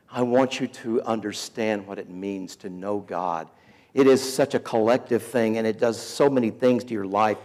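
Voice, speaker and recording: A man in his fifties telling a story as a sermon to students, folksy and animated, acting out the people he quotes. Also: mid-range voice. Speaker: week of prayer speaker. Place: school chapel or auditorium. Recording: hall reverb.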